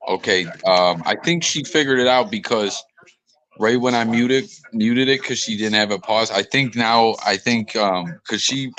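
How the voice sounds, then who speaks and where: Man, podcast host, low voice, easygoing banter. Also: measured pace, a bit bright, rough recording. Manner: easygoing, joking banter about sports. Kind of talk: casual live-stream chat.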